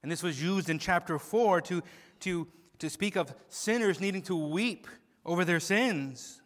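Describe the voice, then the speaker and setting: A man preaching an expository sermon, swinging from hushed low tones to loud emphatic peaks and often repeating words as he starts a phrase. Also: unhurried. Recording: long hall reverb.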